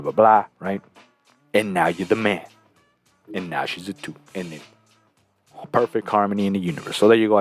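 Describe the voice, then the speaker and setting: Low-voiced man in rambling casual commentary. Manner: rambling, profane, chuckling often. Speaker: host reacting to a clip.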